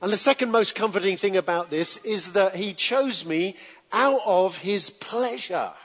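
A man preaching a sermon in a relaxed, conversational way, often asking the congregation to join in and answer back. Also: high-pitched, a little slow, breathy edge. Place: church hall with congregation. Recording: dull lo-fi recording with long hall reverb.

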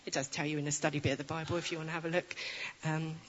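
A woman giving an informal, chatty sermon, reading scripture aloud with animated storytelling and self-deprecating asides. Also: deep voice, racing. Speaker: preacher. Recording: reverberant, dull lo-fi sound.

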